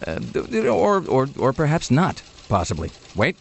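A man's voice: mid-range voice, huge pitch swings, moderate pace, creaky, breathy edge. A man hosting a talk radio show, telling rambling, sardonic stories in casual banter. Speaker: radio host.

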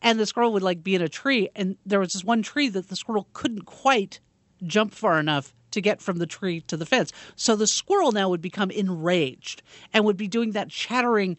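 A woman's voice: medium pitch, normal speed, no echo. Chatty female radio co-host. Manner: chatty storyteller, acts out animals. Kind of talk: casual talk radio chat.

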